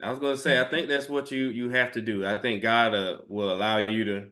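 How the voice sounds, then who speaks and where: A man's voice: lowish voice, flat delivery, a little fast, few pauses, sharp tone. Encouraging male podcast host. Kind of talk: casual interview.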